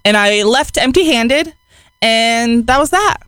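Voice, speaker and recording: A woman telling a story on a chat show, expressive and quick to laugh. Her voice sits a little high and moves a lot in pitch. The sound is dry and close. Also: clear, resonant tone, no room sound.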